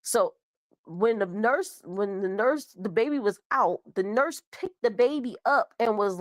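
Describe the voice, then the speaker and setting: A woman's voice: medium pitch, expressive, a little slow, no echo. A young woman host with a cold, stuffed up, casually reading out a news story and stumbling over words. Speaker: show host.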